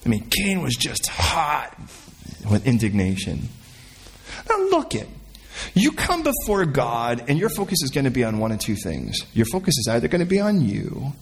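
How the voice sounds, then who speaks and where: A man preaching a sermon in an animated way, explaining the meanings of old words and acting out voices from the scripture story. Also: medium pitch, vocal fry. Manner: explains word meanings from the original language. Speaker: pastor.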